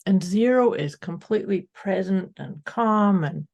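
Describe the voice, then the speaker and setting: Female podcast co-host, upbeat and casual, mellow and slightly gravelly tone, talks to the audience directly. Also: mid-range voice, lively intonation, unhurried. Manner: upbeat, addresses listeners directly. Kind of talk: casual motivational chat.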